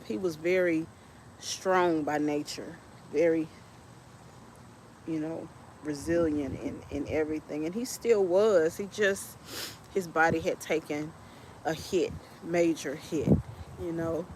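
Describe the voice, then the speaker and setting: A woman hosting a podcast, telling a personal story in a halting, heartfelt way while tearful. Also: deep voice, darkish tone, rough recording. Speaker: podcast host. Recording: noticeable background noise.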